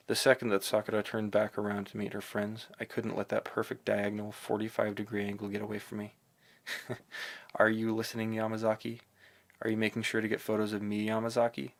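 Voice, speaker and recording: A man narrating a novel in the first person, in a rambling, excitable inner monologue. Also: on the low side, vocal fry. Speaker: audiobook narrator.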